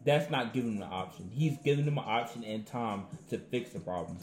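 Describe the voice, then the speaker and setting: A man's voice: medium pitch, lively intonation, fairly quick, a little mellow, reverberant, faint music behind. A man arguing in a casual sports debate, pressing his point and repeating himself when pushed.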